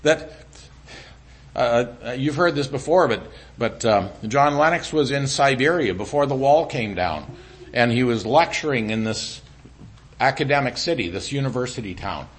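Animated man preaching a sermon. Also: mid-range voice, moderate pace. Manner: animated preaching, drops to a quiet voice for God's lines. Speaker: pastor.

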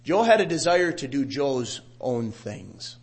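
A middle-aged man preaching a sermon, growing loud and animated when he quotes scripture. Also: medium pitch, a little slow, gravelly. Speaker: pastor.

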